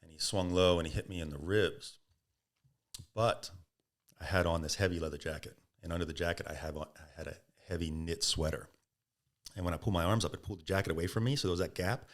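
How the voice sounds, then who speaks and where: A deep-voiced middle-aged man tells a story in a relaxed podcast chat. He gets animated and acts out the other people's lines, with quick bursts of laughter in between. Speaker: podcast guest. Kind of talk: casual storytelling.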